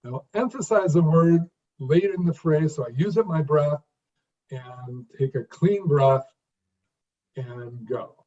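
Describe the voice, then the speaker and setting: A man in his fifties, an interview guest, speaking in a halting way with restarts and repeated words, then landing his phrases with emphasis. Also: fairly high pitch, dark tone. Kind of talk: conversational interview. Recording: distant, dull lo-fi sound.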